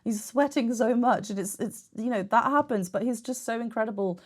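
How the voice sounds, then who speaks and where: A woman's voice: fairly high pitch, fairly quick, a little mellow. A young woman, a vocal coach, chatting enthusiastically while she reacts to and analyses a singer's technique.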